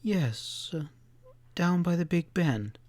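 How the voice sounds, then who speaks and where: A man's voice: on the high side, lively intonation, slow, darkish tone, no room sound, voice pushed up. A man voicing a determined, prim ranch wife in a western audiobook, speaking firmly and insistently. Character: determined ranch wife, middle-aged woman. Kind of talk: audiobook character voice.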